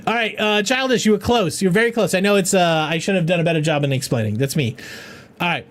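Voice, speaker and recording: A middle-aged man with a fairly high voice hosts a charity game stream. He talks in a loose, rambling way, swears freely and keeps restarting his sentences as he chats with his viewers. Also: fairly quick. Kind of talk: casual livestream chat.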